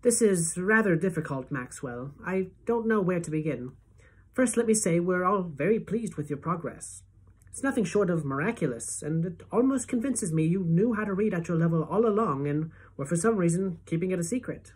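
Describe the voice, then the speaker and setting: A woman voicing a calm, formal middle-aged female principal, measured and reassuring, with a husky tone. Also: fairly low pitch. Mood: grave.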